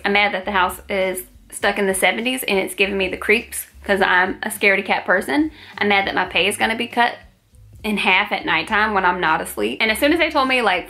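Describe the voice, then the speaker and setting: A woman vlogger telling a story in an animated, chatty and dramatic way. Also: medium pitch, fairly quick. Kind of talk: storytime vlog.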